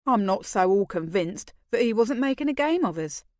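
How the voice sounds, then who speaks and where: A woman's voice: medium pitch, animated, normal speed, darkish tone, dry recording, clean studio sound, natural voice. A woman narrating an audiobook, voicing a joking, easygoing young male palace guardsman who teases his friends. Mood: skeptical. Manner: teasing, croaks a mock rustic accent at times. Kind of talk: audiobook character reading.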